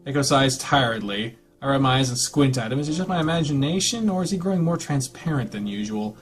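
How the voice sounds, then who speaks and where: A man's voice: medium pitch, animated, quick pace. A young man reading a visual novel aloud with casual, sweary, wry asides. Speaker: let's play narrator. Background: faint music.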